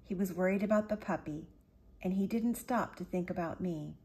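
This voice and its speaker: A woman voicing an elderly grandfather telling a story from his boyhood in a storybook reading, with a husky voice. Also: fairly low pitch, moderate pace. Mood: reflective. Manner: animated storytelling, confiding.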